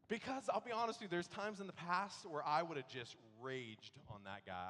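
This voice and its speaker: A male pastor preaching in a big church sanctuary, his voice pitched a little high for a man. He talks through a personal story in an easygoing, conversational way and now and then acts out his frustration in loud bursts. The sound rings out with a long hall reverb. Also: normal speed, a little hiss or hum. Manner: conversational storytelling, bursts into animated acted-out outrage. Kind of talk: sermon.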